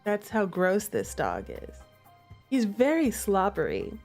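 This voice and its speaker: A woman's voice: mid-range voice, wildly swooping pitch, takes it slowly, darkish tone, faint music behind. A woman streamer in casual chat at home, playful and giggly as she chats with her pets and coaxes them. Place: room at home.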